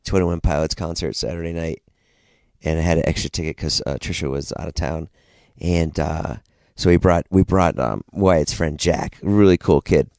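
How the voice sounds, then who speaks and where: Laid-back middle-aged man, very low voice. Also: moderate pace, vocal fry, darkish tone, dry recording. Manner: dry, laid-back reactions. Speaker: podcast co-host. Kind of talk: casual chat.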